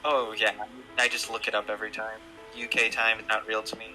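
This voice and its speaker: A man's voice: on the low side, completely flat delivery, fairly quick, bright, forceful tone, soft background music, low-quality recording. A man co-casting a game tournament stream, chatting casually. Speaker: tournament caster.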